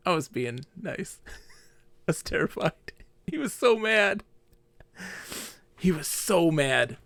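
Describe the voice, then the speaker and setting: A man's voice: a little high, slow, vocal fry, pauses often, dry recording. Chatty male game streamer, dry mic. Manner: animated storytelling, acts out quoted players. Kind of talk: casual live-stream chat while gaming.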